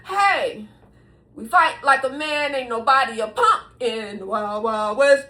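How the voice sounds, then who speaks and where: Brief: middle-aged woman vlogger, high bright voice, lively lecturing tone, laughs through her points. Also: a little slow. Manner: animated, preachy, laughs mid-sentence, addresses viewers as y'all. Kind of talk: casual advice monologue to camera.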